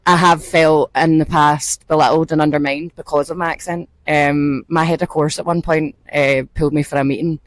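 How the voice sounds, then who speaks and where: A Scottish actor, a woman, talking in an animated, expressive way as a guest in a casual interview. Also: low-pitched, normal speed, few pauses, no room sound. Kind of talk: casual chat.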